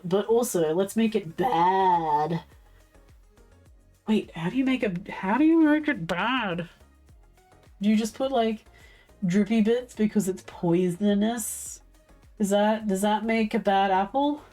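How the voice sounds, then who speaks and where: Hoarse Australian woman chatting on stream. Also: mid-range voice, takes it slowly, darkish tone, faint music behind. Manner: chatty and giggly, reading out chat. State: hoarse, losing her voice. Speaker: stream co-host and moderator. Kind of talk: casual livestream chat.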